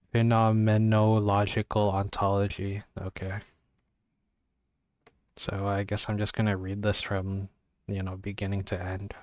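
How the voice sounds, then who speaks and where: A man's voice: on the low side, dry recording. A young man reading book blurbs aloud in a casual vlog, with offhand jokey asides and stumbles over words. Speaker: book vlogger.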